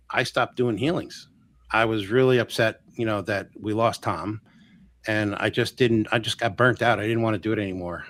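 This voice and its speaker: A man telling a long personal story in an interview, lively and full of restarts, acting out the voices of the people he quotes. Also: fairly low pitch, no room sound. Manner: animated, acts out quoted voices, many ums and restarts. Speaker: guest healer.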